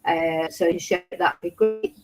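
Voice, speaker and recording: A woman's voice: on the low side, steady tone, measured pace, a little mellow, soft background music, poor audio. A woman hosting a casual true crime livestream from her home in Spain, talking in a rambling, emotional way with many restarts.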